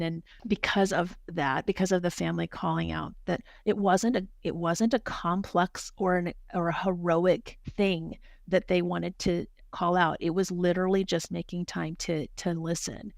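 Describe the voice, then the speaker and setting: A woman who is a hospital doctor, speaking as a guest in a podcast interview, talking fast and earnestly, with many restarts and repeated words. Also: lowish voice, steady tone, vocal fry, no room sound, studio quality. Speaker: hospital physician executive, guest.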